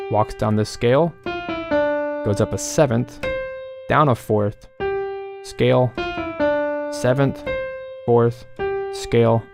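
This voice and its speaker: A man explaining melody writing techniques in a calm, instructional way, counting beats aloud. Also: fairly low pitch. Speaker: music composition teacher.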